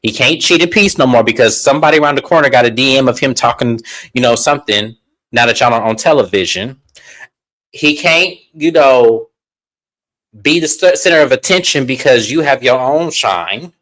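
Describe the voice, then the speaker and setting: A man hosts a casual reality TV recap, animated and sassy. He stretches words out for emphasis and talks straight at the people on screen. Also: mid-range voice, normal speed. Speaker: podcast host.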